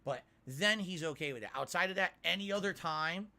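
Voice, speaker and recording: A man's voice: fairly high pitch, fairly quick. A man streaming from his home office, reading viewer tips aloud and ranting in an exasperated way. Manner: exasperated rants, animated. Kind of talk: livestream chat, reading tips. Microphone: desk mic.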